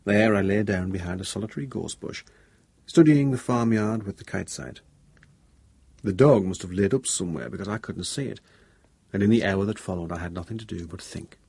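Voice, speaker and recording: Man, audiobook narrator, low gravelly voice, husky, dry close studio sound, measured first-person thriller reading. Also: a little mellow, dry recording.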